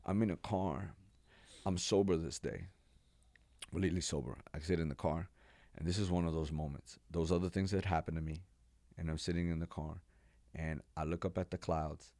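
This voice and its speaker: A man in his forties, a pastor from New York, telling his life story as a podcast guest in an animated, casual way with slang. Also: low-pitched, moderate pace, no room sound. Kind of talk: personal testimony in a podcast interview.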